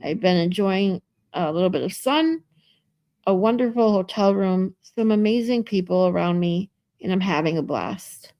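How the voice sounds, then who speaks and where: A woman's voice: mid-range voice, normal speed, dark tone, dry recording, clean studio sound. A woman live streamer chatting casually with her viewers, reading out and answering their comments and laughing often, from a hotel room.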